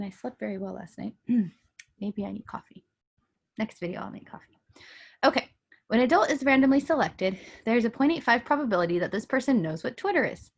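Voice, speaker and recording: A woman's voice: mid-range voice, expressive, a little fast, creaky. A woman math teacher recording a lesson from her bedroom, casual and thinking aloud with frequent ums.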